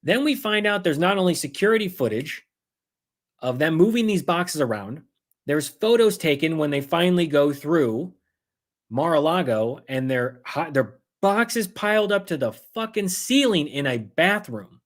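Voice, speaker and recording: This livestream host covers politics at a rapid clip, his voice a little high and animated. Sarcastic and fired up, he parodies other people with mocking impressions.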